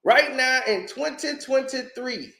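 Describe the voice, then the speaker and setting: High-voiced, animated storytelling man. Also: measured pace, vocal fry, reverberant. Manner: animated, acts out quotes, laughs often. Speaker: host. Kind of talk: casual storytelling commentary.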